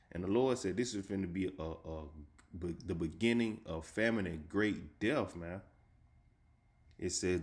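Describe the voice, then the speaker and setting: Low-voiced man preaching warnings. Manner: emphatic warnings, slow deliberate scripture reading, repeats "you see" and "man". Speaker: street preacher. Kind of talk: sermon with scripture reading.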